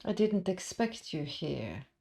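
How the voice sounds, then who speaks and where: Figure: cold, formal male crime boss, voiced by a woman. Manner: slow, measured. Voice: low, gravelly. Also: big pitch swings, dark tone, exaggerated voice.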